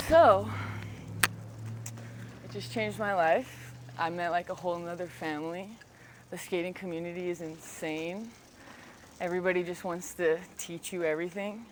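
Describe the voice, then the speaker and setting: A woman's voice: fairly low pitch, fairly even intonation, moderate pace, long pauses, slight background noise. A woman roller skater chatting casually outdoors on a street, bubbly and full of "like". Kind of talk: casual chat.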